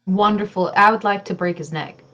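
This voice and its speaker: A woman's voice: medium pitch, steady tone, pushed and bright, muffled recording. A woman playing in a tabletop horror game, casual and laughing often. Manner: giggly, unhurried, laughs often. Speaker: player.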